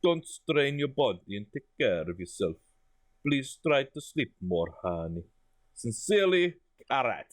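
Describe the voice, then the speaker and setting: A man's voice: mid-range voice, big pitch swings, measured pace, no room sound. A man doing Karat, a doting accented letter writer. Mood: fond, fussing. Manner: hammy put-on accent, fond and fussing tone. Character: doting woman letter writer with a heavy exaggerated Eastern European accent. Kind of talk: reading game letter aloud in a put-on voice.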